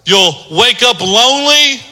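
High bright preacher in a reverberant hall. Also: male voice, lively intonation, slow pace. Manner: builds from quiet teaching to loud preaching. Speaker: pastor. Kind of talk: sermon.

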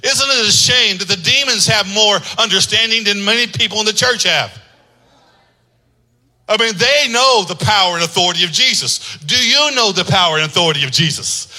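A man preaching a sermon, moving from quiet storytelling to loud, shouted preaching. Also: high-pitched, normal speed, poor audio. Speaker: pastor.

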